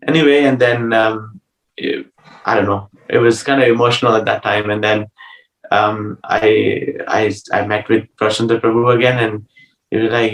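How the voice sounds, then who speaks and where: Halting, earnest man in a roomy space. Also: fairly low pitch, little pitch movement. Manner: hesitant and earnest, many pauses and restarts. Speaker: interview guest. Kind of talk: personal spiritual story, conversational. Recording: roomy sound from a distant mic.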